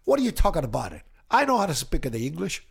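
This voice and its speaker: A man's voice: on the high side, huge pitch swings, fast talker, vocal fry, breathy edge, exaggerated voice. A man imitating his immigrant Italian father, who speaks proud, insistent broken English with an Italian accent.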